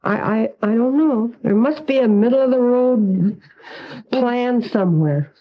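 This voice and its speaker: A woman's voice: a little high, measured pace. A woman hosting a live 1950s television show, bantering with puppets in a hesitant, stammering, good-humoured way. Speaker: host. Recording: dull lo-fi 1950s TV audio.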